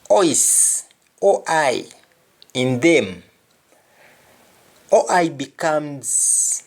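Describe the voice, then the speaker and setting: A man teaching a pronunciation lesson, speaking deliberately and repeating each word to demonstrate how it sounds. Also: on the high side. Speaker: language teacher.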